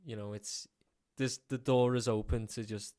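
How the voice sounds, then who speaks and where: A man's voice: medium pitch, steady tone, normal speed, warm tone, no echo, studio quality. A young man from Liverpool with a Scouse accent, a guest singer chatting easygoingly in a radio interview, rambling with fillers. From Liverpool, England.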